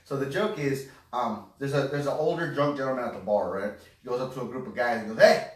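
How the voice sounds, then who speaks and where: A man's voice: medium pitch, fast. Rambling crude-joking man in his forties. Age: 40s. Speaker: podcast co-host. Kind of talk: casual podcast banter. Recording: echoey room, far from mic.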